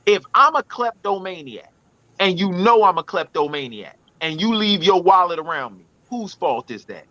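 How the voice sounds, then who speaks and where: A man's voice: high-pitched, sing-song, moderate pace, sharp tone, dry recording, muffled recording. A man co-hosting a podcast, arguing his point in a blunt, preachy and profane way. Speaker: podcast co-host. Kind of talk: casual podcast debate.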